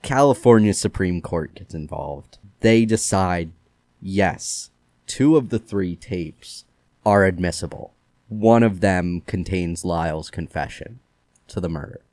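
A man's voice: deep voice, a little slow, dry recording. A man hosting a casual true-crime podcast, retelling the case loosely with lots of "like" fillers. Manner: relaxed storyteller with many "like" fillers. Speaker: podcast host.

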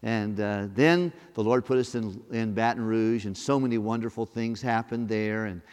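A guest pastor telling a folksy personal story in a sermon, acting out conversations. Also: male voice, fairly low pitch, normal speed, clear, resonant tone. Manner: folksy storytelling, acts out dialogue in lively quoted voices. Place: church service. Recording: long reverb of a church hall.

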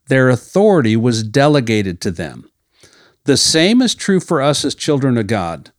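A man's voice: medium pitch, no room sound. Man teaching scripture on a podcast, dry sound. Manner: reads scripture passages aloud, then explains them conversationally. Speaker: ministry podcast host.

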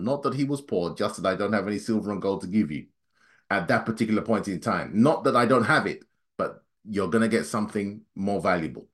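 A man preaching a sermon, his voice climbing for emphasis and then dropping low and quiet, reading scripture at a quick clip. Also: lively intonation. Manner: dynamic preaching, voice rising high then dropping low and soft.

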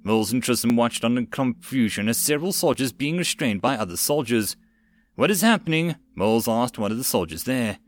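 A man reading a web novel audiobook in a steady narrating voice. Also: mid-range voice, fairly quick, few pauses.

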